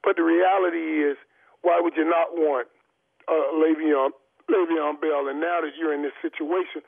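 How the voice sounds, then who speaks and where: A man's voice: fairly high pitch, steady tone, normal speed, creaky. A man talking football as a guest analyst over the phone, emphatic, repeating words and restarting often, with the hiccups. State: has hiccups. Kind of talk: sports talk on the phone. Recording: tinny phone line.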